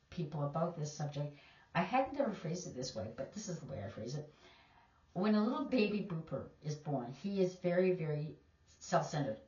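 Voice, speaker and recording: A woman teacher, giving emphatic, opinionated casual commentary. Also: lowish voice. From Canada. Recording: distant, echoey, dull lo-fi.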